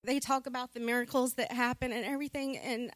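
A woman's voice: a little high, steady tone, fast talker, dry recording. Emotional woman, dry close sound. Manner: emotional, heartfelt. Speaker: church member sharing a testimony. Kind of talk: church testimony talk.

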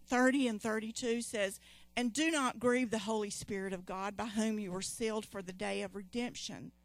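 A woman preaching with a fairly high voice and an unhurried, deliberate pace. She leans on repeated phrases and calls on her listeners to answer back. The sound is close and dry, with almost no room echo. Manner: emphatic, repeats key phrases, calls for audience response. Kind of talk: sermon.

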